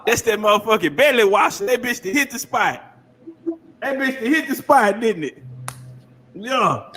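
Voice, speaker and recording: A man with a very high voice reacts to a clip. He talks in a loud, profane, rambling way, breaking into laughter often. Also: lively intonation, moderate pace, long pauses, husky. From South Carolina. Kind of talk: casual reaction commentary.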